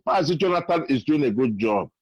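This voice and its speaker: A man's voice: mid-range voice, expressive, brisk, dry recording, dull audio. A man from Nigeria with a Nigerian accent, calling in to a radio show and telling a story earnestly, repeating his phrases. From Nigeria (Imo State). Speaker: caller. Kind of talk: call-in testimony, storytelling. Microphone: phone call.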